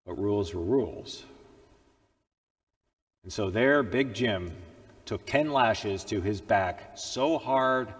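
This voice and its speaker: A man preaching a sermon and telling a story. His delivery is dramatic, rising to loud proclamations and dropping to hushed tones. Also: on the low side, lively intonation, takes it slowly, long pauses, long reverb tail.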